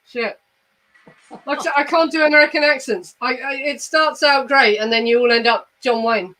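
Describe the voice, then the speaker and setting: A woman's voice: sits high, normal speed, pushed and bright, poor audio. A woman from England with an Estuary English accent, chatting casually as a podcast host, swearing freely and poking fun at herself. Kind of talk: casual chat.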